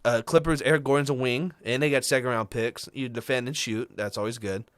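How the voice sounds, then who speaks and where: A man co-hosting a podcast, walking through the trades in a casual chat with fillers and quick asides. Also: medium pitch, steady tone, fairly bright tone, dry recording, studio quality. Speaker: podcast co-host.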